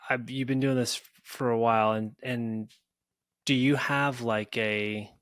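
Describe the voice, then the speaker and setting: A man of middle pitch hosts a podcast. He asks loose, rambling questions, circling back and restarting as he searches for words. His voice sits dry and close to the mic. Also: fairly even intonation, measured pace, fairly bright tone, no room sound. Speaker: podcast host. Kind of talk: casual interview chat.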